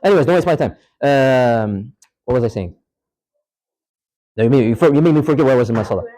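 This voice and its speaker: A man's voice: medium pitch, expressive, a little fast, warm tone, slight background noise, poor audio. Guy teaching a class at a mosque, casual, keeps quizzing people, drops arabic phrases, normal mid voice. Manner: informal, asks the class questions, repeats points; switches in short Arabic phrases and recitations. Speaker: religious teacher. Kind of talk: classroom lecture with live demonstration. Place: mosque hall.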